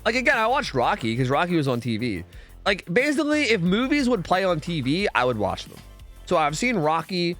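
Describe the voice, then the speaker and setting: A man's voice: high voice, huge pitch swings, fairly quick, a bit bright, faint music behind. A man streaming a game, chatting casually with viewers, rambling and swearing, saying dude a lot. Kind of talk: casual chat with chat while gaming.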